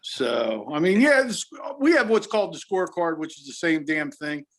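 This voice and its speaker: High voiced guy swearing thru his retail stories, casual chat on a call. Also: normal speed. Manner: profane, animated storyteller. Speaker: guest, retail worker. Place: remote call.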